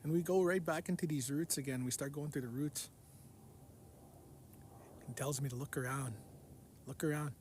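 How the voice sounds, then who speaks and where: A man telling the story of a vivid dream in an unhurried, repetitive way, often going back over the same words. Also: a little high, fairly even intonation, a little mellow, a little hiss or hum. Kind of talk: recounting a dream.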